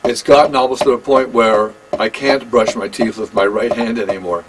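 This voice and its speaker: An older man giving a one-on-one drum lesson, talking in a halting, conversational way and counting beats aloud. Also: mid-range voice, fairly even intonation, background noise. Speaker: drum teacher.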